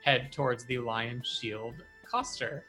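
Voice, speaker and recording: A man running a tabletop game as game master, narrating in a relaxed, hesitant way with frequent ums. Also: medium pitch, takes it slowly, soft background music.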